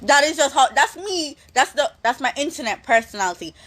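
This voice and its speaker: A young woman in her twenties, a social media personality, talking candidly in a rambling way with halting restarts. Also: high-pitched, expressive, a bit bright. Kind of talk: candid monologue.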